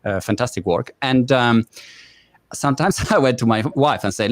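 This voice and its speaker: Interviewer, male, Italian accent, second-language English, hesitant and friendly, middle pitch, dry room. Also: dry recording. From Italy. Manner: halting, friendly questions in a second language with laughs. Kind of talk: casual interview.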